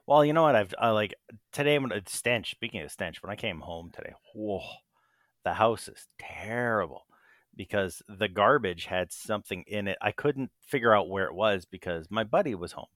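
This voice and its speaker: A man's voice: fairly low pitch, animated, normal speed, fairly bright tone, no room sound, studio quality. A man co-hosting a casual podcast from his bedroom, rambling and joking at his own expense. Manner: rambling, joking, self-deprecating. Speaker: podcast co-host. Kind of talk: casual chat. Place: hot small bedroom with no fan. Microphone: desk microphone.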